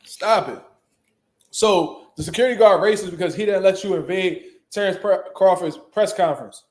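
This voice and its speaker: A man's voice: sits high, moderate pace, a little mellow. A man hosting a casual boxing commentary show, talking bluntly with heavy slang and profanity. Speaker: boxing commentary channel host.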